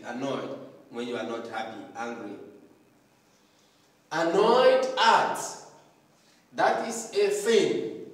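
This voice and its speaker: A man teaching English, repeating each word and giving example sentences. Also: medium pitch. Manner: drills words by repeating them with example sentences. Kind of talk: slow, repetitive classroom teaching. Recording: echoey hall, voice from far off.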